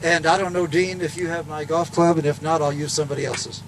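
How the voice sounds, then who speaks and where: A man's voice: a little high, flat delivery, quick pace, noisy background. A man giving a humorous, folksy storytelling speech outdoors at a golf event. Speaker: golfer and speaker.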